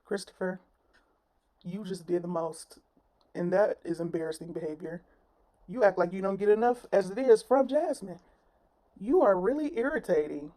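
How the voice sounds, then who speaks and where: A woman's voice: mid-range voice, normal speed, long pauses, mellow. A woman giving blunt, sassy reaction commentary on a clip, with plenty of slang. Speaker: commentary vlogger.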